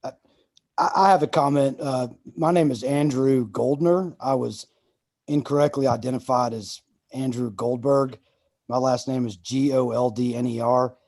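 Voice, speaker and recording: A man's voice: medium pitch, normal speed, a little mellow, dry recording. Precise lawyerly man, dry sound. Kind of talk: formal statement at a hearing.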